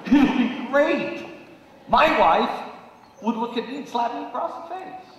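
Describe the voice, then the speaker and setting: A middle-aged man performs a live stage monologue in a high, swooping voice, sarcastic and animated as he mocks people with put-on voices. His voice rings through a large hall with a long, booming echo. It is picked up from far away, with faint room noise behind. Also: a little slow, muffled recording. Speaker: political commentator on stage. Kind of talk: live stand-up style monologue. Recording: echoey hall audio from far off.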